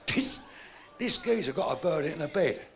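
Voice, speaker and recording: An older man telling bawdy jokes in live stand-up, with gravelly punchy delivery and shouted punchlines. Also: on the high side, lively intonation, normal speed. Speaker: stand-up comedian. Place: live comedy venue with audience.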